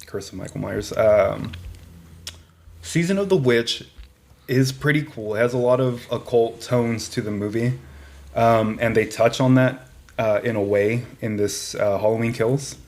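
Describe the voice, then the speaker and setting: A man's voice: medium pitch, a little slow, vocal fry, a little mellow. A man co-hosting a podcast, giving blunt, emphatic opinions in casual chat with plenty of swearing. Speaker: podcast co-host.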